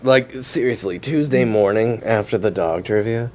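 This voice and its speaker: A man's voice: on the low side, moderate pace, a little mellow. A man co-hosting a casual podcast chat, easygoing and self-mocking. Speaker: podcast co-host.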